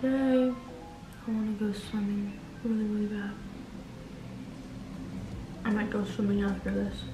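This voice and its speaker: A young woman chatting casually to camera as a vlogger. She is excitable, says "like" a lot and swears casually. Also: medium pitch, a little slow. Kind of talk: casual vlog chat to camera. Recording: roomy echo with faint music behind.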